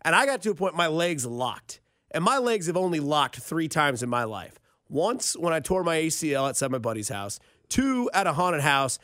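Animated high-voiced radio host. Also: male voice, normal speed, no room sound, clean studio sound. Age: 30s. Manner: animated storyteller, jokey, puts on voices. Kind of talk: casual late-night radio chat. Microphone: studio microphone.

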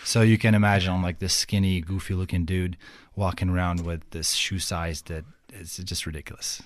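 A man's voice: low voice, normal speed. A young man from Ukraine with a Ukrainian accent, telling stories in a casual interview and acting out the people in them. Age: young adult. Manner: animated, acts out quoted people, laughs often. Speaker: guest.

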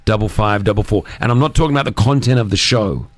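A man's voice: on the low side, fast talker, dry recording. A man hosting a morning radio show, playful and teasing, laughing often with callers. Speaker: radio host. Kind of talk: casual radio chat.

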